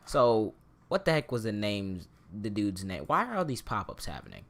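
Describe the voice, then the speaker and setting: Streamer guy, bright tense voice, rambles on, lots of likes and ums. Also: fairly low pitch, huge pitch swings, normal speed. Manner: rambling, many fillers and restarts. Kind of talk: casual stream chat.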